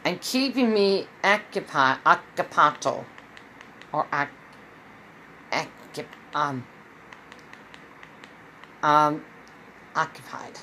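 A woman's voice: low-pitched, lively intonation, drawn-out words, pauses often, pushed and bright, a little hiss or hum, rough recording. Rambling woman telling a long story. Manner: rambling, with frequent restarts and quoted dialogue. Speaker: vlogger. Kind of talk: casual storytelling to viewers.

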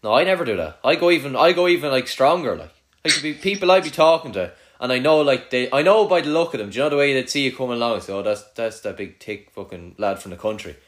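A man's voice: a little high, lively intonation, fast, a bit bright. A young man with a rural Irish accent chatting casually, swearing freely and trailing off into mutters. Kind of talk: casual chat.

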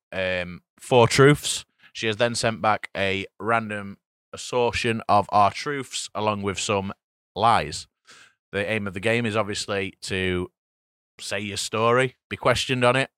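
A man with a low, dry-sounding voice hosts a laddish podcast chat. He swears freely and laughs while he explains the game rules. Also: a bit bright, clear, resonant tone, no room sound. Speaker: podcast host. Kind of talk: casual chat.

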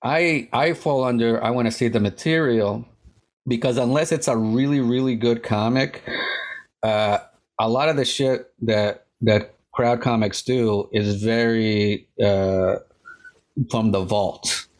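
A man's voice: medium pitch, fairly even intonation, slow. A man who works as a stand-up comedian, chatting casually and telling rambling, profane stories full of quoted back-and-forth. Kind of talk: casual podcast chat.

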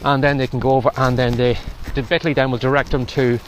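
A man's voice: medium pitch, little pitch movement, quick pace. A man hosting a casual walking vlog outdoors in the wind, slightly out of breath as he gives chatty advice. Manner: chatty, advisory. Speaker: podcast host. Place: outdoors in strong wind and rain.

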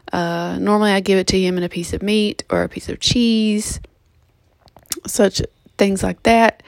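A sleepy woman gives a casual update from home, her speech halting and full of ums and restarts. Her voice is gravelly and fairly flat in tone. The recording is close and dry. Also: fairly low pitch, no echo. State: just woke up, yawning. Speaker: vlogger giving a pet health update.

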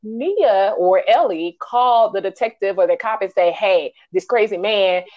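A woman co-hosting a podcast, reviewing a film in casual chat, animated and ranting, acting out quotes in high voices. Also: normal speed, muffled recording. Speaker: podcast co-host.

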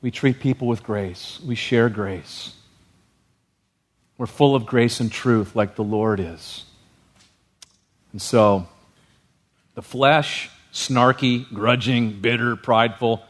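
A male pastor giving a sermon in a lively, humorous way, often checking in with the congregation. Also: medium pitch, slow pace, pauses often.

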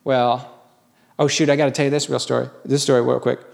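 A man preaching a sermon in a folksy, lively storytelling way. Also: medium pitch, fast talker, gravelly. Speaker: pastor.

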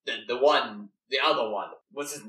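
A man's voice: medium pitch, normal speed, bright, forceful tone, distant mic, natural voice. A man voicing a brash young rogue with a put-on Australian accent who bluntly fumbles for names, recorded roomy and off-mic.

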